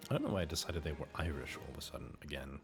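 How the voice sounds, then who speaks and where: A man's voice: extremely low pitch, very fast, gravelly, faint music behind. A man casually commenting while he plays a game, chatty and self-interrupting. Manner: chatty, self-interrupting, playful about accents. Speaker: game streamer.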